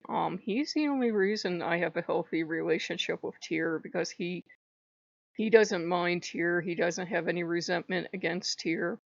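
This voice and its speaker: A woman's voice: fairly low pitch, gravelly, dry recording, lo-fi sound. A woman host chatting casually in a vlog, talking in loose digressions and laughing often. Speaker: channel host. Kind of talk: casual rambling vlog chat.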